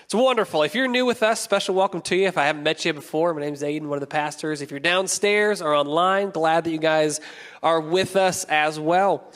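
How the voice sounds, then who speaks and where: A young man preaching a sermon as a pastor, telling stories with playful, animated asides. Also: fairly high pitch, fairly quick. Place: church auditorium. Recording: long church hall reverb.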